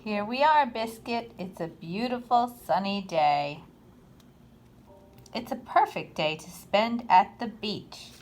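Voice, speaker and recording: Woman reading a picture book to kids, unhurried with a lively, bouncy voice. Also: mid-range voice, a little hiss or hum. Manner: expressive, sing-song storytime delivery. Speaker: children's book reader.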